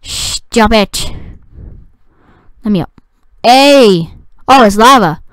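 A woman giving excitable gameplay commentary, talking to the game and shouting at it. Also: a little high, very slow, no echo. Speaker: gaming video creator.

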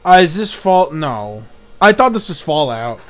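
A young man giving live reaction commentary, excitable, thinking aloud and swearing often. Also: a little high, a little slow. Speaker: YouTube reaction host.

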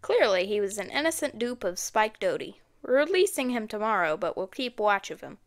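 Brisk no-nonsense police chief in a storybook, read by a woman. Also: high-pitched, big pitch swings, fairly bright tone, full character voice. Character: gruff middle-aged police chief.

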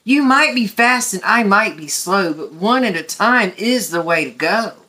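A small, friendly truck in a children's storybook speaks kindly and politely. A woman puts the voice on for it, bright and lifted a little in pitch. It stays slow and clear. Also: animated. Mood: firm. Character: small cheerful friendly blue pickup truck.

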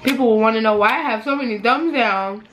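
A woman's voice: a little high, fast talker, fairly bright tone. A young woman and mother chatting and laughing while eating fruit at home for a mukbang vlog. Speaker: vlogger and mother. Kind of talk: casual chat during a fruit mukbang. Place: home, at a table. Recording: noisy home recording.

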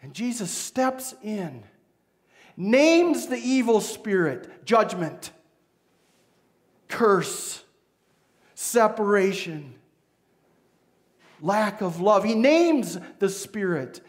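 A pastor with a Midwestern American accent preaching a sermon, retelling the story dramatically and voicing its figures. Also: male voice, high-pitched, very animated, very slow, pauses often.

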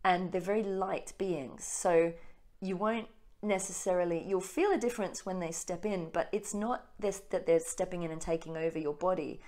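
A woman with an Australian accent, co-hosting a casual spiritual chat and talking quickly with many restarts. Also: lowish voice, a little mellow. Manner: fast-talking. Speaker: co-host.

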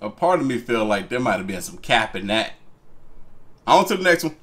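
A man hosting a reaction video, commenting on clips in an incredulous, animated way. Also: on the low side, normal speed.

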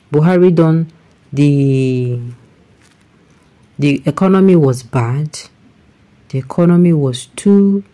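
A woman's voice: low voice, mellow. A woman with a Nigerian accent, reading a news report and then giving emphatic, exasperated commentary with pidgin phrases.

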